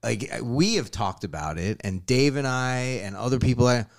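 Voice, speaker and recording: A man's voice: mid-range voice, expressive, moderate pace. A man talking as a guest on a casual podcast, easygoing, rambling and profane. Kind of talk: casual chat.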